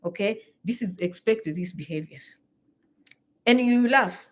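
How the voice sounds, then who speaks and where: A woman, telling stories to her viewers in a lively, exclamatory way and repeating phrases for emphasis. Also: mid-range voice, unhurried. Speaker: vlogger. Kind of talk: animated storytelling to camera.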